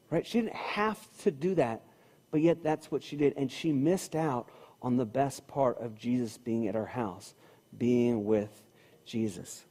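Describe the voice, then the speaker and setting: An unhurried, mellow mid-range voice belongs to a pastor preaching in a church sanctuary. He speaks conversationally and repeats phrases for emphasis, with long hall reverb on the recording.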